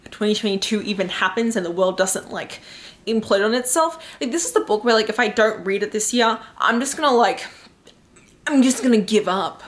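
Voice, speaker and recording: A woman talking casually to camera as a book vlogger, chatty and excitable, filling her talk with fillers. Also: medium pitch, fairly quick. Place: home in New York.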